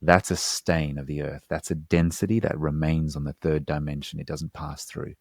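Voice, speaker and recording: Male therapist guest, low voice, earnest and explanatory, dry close-miked studio sound. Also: little pitch movement, normal speed, creaky, dry recording. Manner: earnest, explanatory, slangy asides. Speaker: hypnotherapist guest. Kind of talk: casual podcast conversation.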